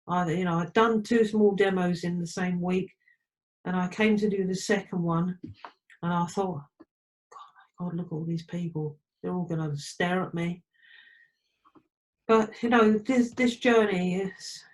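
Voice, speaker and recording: A woman's voice: fairly low pitch, a little mellow, rough recording. A middle-aged woman from England, a trance medium, telling her story in a chatty way and acting out old conversations. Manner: chatty, quotes conversations, frequent restarts. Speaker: trance medium and spirit artist. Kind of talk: casual storytelling interview.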